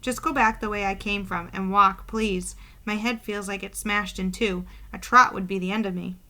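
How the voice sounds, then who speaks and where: A woman's voice: mid-range voice, steady tone, moderate pace, pushed and bright. A woman reading the lines of an injured, well-off English girl who talks frankly and complains at length. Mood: weary. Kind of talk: audiobook character voice.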